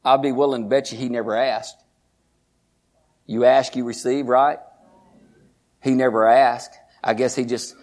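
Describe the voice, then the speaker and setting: A man preaching a sermon in church, moving from quiet asides to shouted, high-pitched storytelling. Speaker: pastor.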